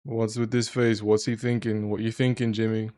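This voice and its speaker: A man giving casual, animated reaction commentary on a movie, swearing freely. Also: lowish voice, moderate pace, clean tone. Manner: animated, swearing, laughing at scenes.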